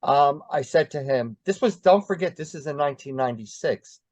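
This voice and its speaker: A man's voice: fairly high pitch, animated, brisk, a little mellow, no echo, rough recording. An older man recounting his past as an interview guest in casual, rambling storytelling, full of ums and uhs.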